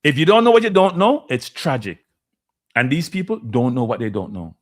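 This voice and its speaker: A Jamaican-accented man hosting a live stream rants heatedly, switching between standard English and patois. His mid-range voice swings widely in pitch, and he speaks at normal speed.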